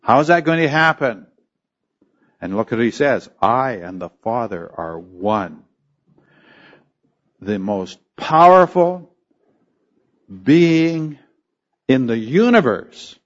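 Slow, emphatic preacher man. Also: mid-range voice, big pitch swings, dull audio. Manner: emphatic, rhetorical questions, deliberate teaching. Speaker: pastor. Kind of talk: expository sermon.

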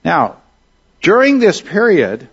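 A man's voice: high voice, wildly swooping pitch, takes it slowly, a bit bright, breathy edge. Man teaching scripture on a dull recording. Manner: explanatory, checks in with "all right?". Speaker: Bible teacher. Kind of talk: classroom Bible teaching.

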